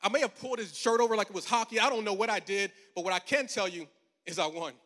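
A man in his forties, a pastor, preaches at a quick pace in a high, bright voice that carries to his congregation. His storytelling sermon is conversational and humorous before swelling into emphatic proclamations, echoing with a large auditorium's long reverb.

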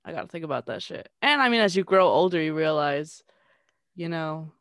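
A woman's voice: low voice, animated, brisk, fairly bright tone, no echo. Just-woke-up woman cohost, dry jokes, offhand, super dry close sound. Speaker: podcast co-host. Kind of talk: casual chat.

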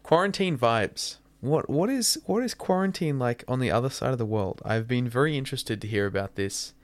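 A man's voice: medium pitch, animated, no room sound. Australian man hosting a casual podcast. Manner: halting, restarts often. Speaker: podcast host.

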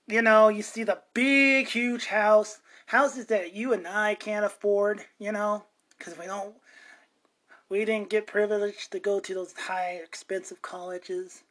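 A woman's voice: medium pitch, little pitch movement, measured pace, fairly bright tone. Woman ranting casually on a podcast. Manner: chatty, meandering, self-interrupting. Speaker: podcast host.

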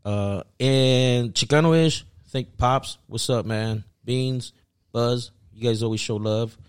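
A man hosting a podcast, giving shout-outs in a laid-back way with lots of fillers and casual swearing. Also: mid-range voice, takes it slowly, clear, resonant tone. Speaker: podcast host. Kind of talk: casual chat.

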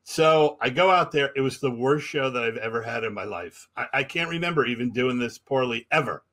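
Man, podcast co-host, mid pitch, self-deprecating, acts out dialogue. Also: brisk, fairly bright tone. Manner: self-deprecating, plays both sides of dialogue. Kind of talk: casual chat, storytelling.

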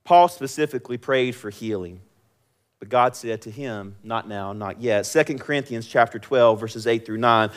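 A young man preaching a sermon, moving between quiet, drawn-out, intimate lines and loud, impassioned passages. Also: medium pitch. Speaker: pastor.

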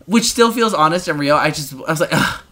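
A woman's voice: low voice, brisk, a little hiss or hum. A woman co-hosting a podcast in casual chat, swearing freely and acting out scenes as she retells them. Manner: profane, animated retelling with quoted voices. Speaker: podcast co-host.

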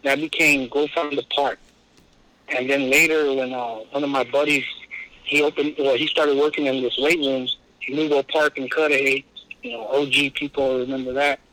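A middle-aged man, a high school basketball coach from Southern California, telling a story in a casual interview and peppering his speech with "man" and "you know.". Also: little pitch movement, normal speed, pushed and bright, slight background noise, rough recording.

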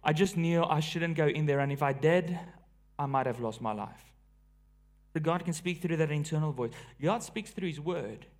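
South African preacher with a higher voice. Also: male voice, moderate pace. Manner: animated storytelling, swinging between loud emphasis and hushed awe. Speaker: pastor. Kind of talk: sermon.

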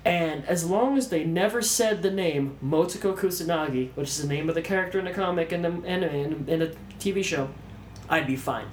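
A man's voice: a little high, a little fast. A man casually ranting about a movie on a podcast, swearing a lot and acting out scenes in mocking voices. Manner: animated, swearing, acts out lines in mocking voices. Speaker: podcast co-host. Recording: echoey room with faint background noise.

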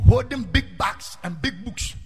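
High-voiced fervent preacher. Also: male voice, animated, unhurried, slightly rough. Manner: fervent, half-sung cadences, bursts into shouting. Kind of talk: sermon with personal testimony.

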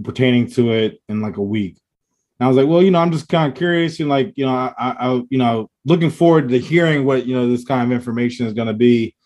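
A man co-hosts a casual podcast in a medium-pitched, slightly mellow voice. He rambles through stories, laughing and mimicking the people he spoke with on the phone.

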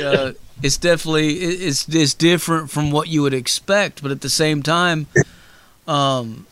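Rambling, profane host. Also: male voice, fairly high pitch, fairly even intonation, moderate pace, fairly bright tone, smooth, no room sound. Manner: loose, profane, rambling with many fillers. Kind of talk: casual interview chat.

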